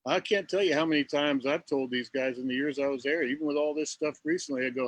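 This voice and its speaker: A man in his sixties, a former pitcher and coach, telling folksy coaching anecdotes as a guest in a casual interview. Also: fast talker, hardly any pauses, dry recording, rough recording. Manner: folksy anecdotes with quoted exchanges.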